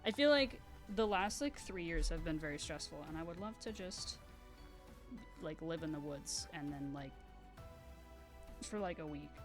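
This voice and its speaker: A woman's voice: sits low, moderate pace, long pauses, music in the background. A woman in her twenties chatting casually on a live stream while she paints, rambling through stories and acting out quotes. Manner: rambling, animated storytelling with acted-out quotes and laughter.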